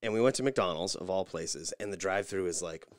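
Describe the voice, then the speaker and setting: A man co-hosting a casual podcast, telling stories with lively mimicry of other people's voices. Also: low-pitched, a little fast, no echo, studio quality. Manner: animated storyteller, mimics voices in anecdotes. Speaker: podcast co-host. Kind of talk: casual chat.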